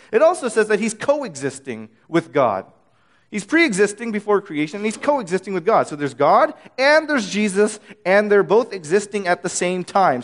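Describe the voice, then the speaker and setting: A man teaching through a Bible passage, earnest and repeating key phrases for emphasis, often restarting his words. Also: high voice. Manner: frequent restarts and stammered words.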